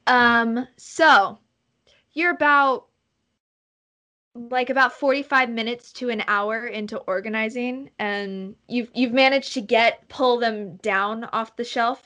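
A woman's voice: on the high side, pushed and bright. A woman narrating a tabletop game as game master, rambling and hesitant with many ums.

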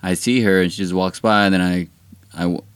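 A man who is a comedian, telling a rambling, animated story in casual podcast chat. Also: low-pitched, fairly quick, smooth, no room sound.

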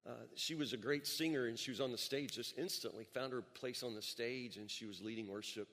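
A man preaches a sermon in a mid-range voice and tells stories in the pulpit's steady way. He repeats words as he goes and lifts his voice for emphasis. A long reverb trails each phrase around the large church hall. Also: medium pitch, a little fast. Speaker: pastor. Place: church sanctuary.

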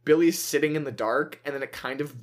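A man's voice: a little high, brisk. Young male co-host, easygoing and chatty, walks through the plot plainly. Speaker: podcast co-host. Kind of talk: casual chat recapping an episode.

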